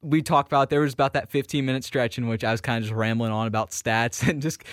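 A young man co-hosting a sports radio show, rambling quickly in casual chat in a studio. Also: medium pitch, fairly even intonation, smooth, dry recording. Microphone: studio microphone.

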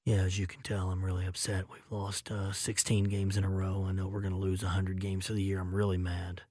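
A man doing an impression of a very calm, laid-back male baseball manager, mumbling low and quiet with flat delivery and fillers. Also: a little fast, husky, no room sound, studio quality. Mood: deadpan mumble. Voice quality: soft, low and hard to hear.

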